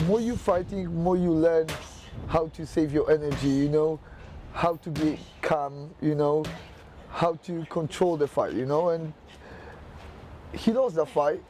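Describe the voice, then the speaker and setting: High-voiced boxing coach with a mellow tone. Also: male voice, slight background noise. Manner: non-native English, many filler phrases, measured. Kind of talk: documentary interview.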